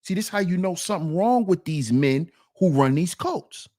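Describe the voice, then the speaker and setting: A man talks over a clip with lively, swinging pitch and a slightly raised voice. He is emphatic and keeps prodding the listener. The sound is dry and close to the mic. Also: normal speed, no room sound. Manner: animated, emphatic, repeats "see". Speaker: commentary host. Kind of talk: casual commentary on a video clip.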